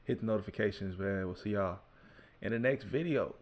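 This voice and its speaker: A man's voice: lowish voice, brisk. A man from the United States hosting a reaction video, talking casually in a laid-back way with slang. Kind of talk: casual commentary.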